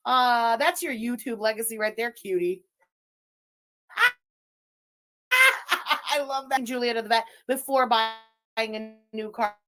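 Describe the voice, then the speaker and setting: A woman's voice: fairly high pitch, animated, slow pace, long pauses, bright, forceful tone. A woman streamer gleefully mocking a clip and thanking viewers, swearing freely. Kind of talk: livestream reaction commentary.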